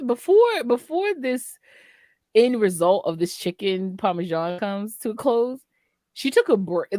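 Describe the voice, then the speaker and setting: Animated woman telling a funny story. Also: mid-range voice, no room sound, studio quality. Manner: animated, laughs often, acts out quotes. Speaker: podcast co-host. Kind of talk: casual storytelling.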